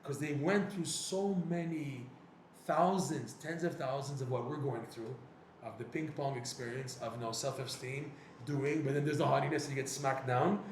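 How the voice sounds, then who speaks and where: A man's voice: mid-range voice, fairly even intonation, normal speed. A man teaches a Torah class, telling stories and acting out his own prayers and dialogues with animation. His mid-range voice rings in an echoey room, with faint noise behind it. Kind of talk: personal story in a recorded class.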